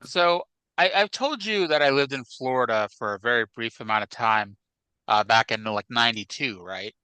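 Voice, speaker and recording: A man's voice: mid-range voice, normal speed, pushed and bright, smooth, no echo, rough recording. A man in his forties co-hosting a casual podcast, telling rambling stories with a lot of filler words. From northern USA. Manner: rambling storyteller, many fillers like "like" and "you know". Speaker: podcast co-host. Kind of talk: casual chat.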